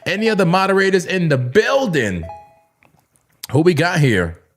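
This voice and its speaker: A man hosting a live crypto trading stream, excitable and casual, laughing often and bursting into shouts as he banters with his chat. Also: high-pitched, normal speed, faint music behind. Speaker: crypto trading livestream host. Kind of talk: hyped live trading commentary.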